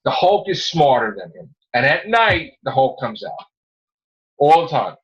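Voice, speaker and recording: A man hosting a casual podcast, rambling excitedly about comic books and swearing freely as he retells scenes. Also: medium pitch, a little slow. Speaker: podcast host. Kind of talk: casual comic book chat. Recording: dull lo-fi recording.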